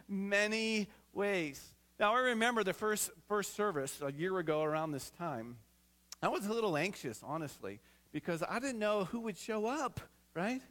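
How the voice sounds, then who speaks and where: A man's voice: sits high, fairly bright tone. A man preaching a conversational sermon as pastor, often checking in with the congregation before building to earnest exhortation.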